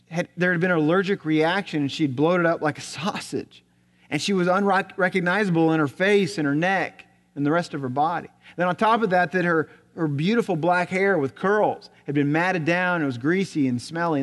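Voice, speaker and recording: A male pastor preaching a sermon, telling a story and asking rhetorical questions, often dropping to a soft voice. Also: fairly high pitch. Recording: long hall reverb.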